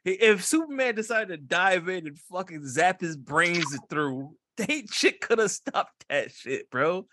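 A man in casual, profane chat, animated and quick to laugh. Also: high-pitched. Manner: animated, swears freely, laughs often.

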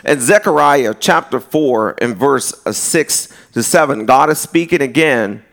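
A man's voice: mid-range voice, expressive, a little slow, creaky, fairly bright tone. A man preaching a sermon earnestly, often restarting his phrases. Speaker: pastor.

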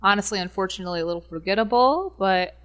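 A woman's voice: mid-range voice, fast talker, a bit bright. A woman in her thirties, a podcast guest, making offhand, wry asides in casual chat.

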